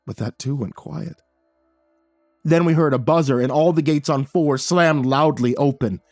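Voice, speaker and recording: A man narrating a horror story in a hushed, grave manner. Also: fairly high pitch, unhurried, no echo, faint music behind.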